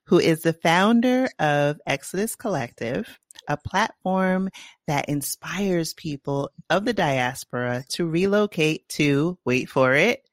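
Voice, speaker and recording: A woman's voice: deep voice, no room sound, clean studio sound. A woman with a Bronx accent hosting a podcast interview, upbeat and enthusiastic. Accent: Bronx New York. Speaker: podcast host. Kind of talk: casual interview chat.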